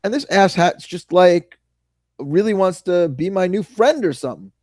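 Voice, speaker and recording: Man, New York accent, podcast co-host, animated ranting storyteller, fairly high voice, dry sound. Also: moderate pace, no echo. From New York suburbs. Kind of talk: casual chat.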